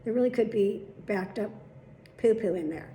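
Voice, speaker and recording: A woman's voice: medium pitch, normal speed, dark tone, reverberant, slight background noise. A middle-aged woman vlogging casually, telling a long story with plenty of swearing and acted-out dialogue. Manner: chatty, swearing, retelling dialogue. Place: at home.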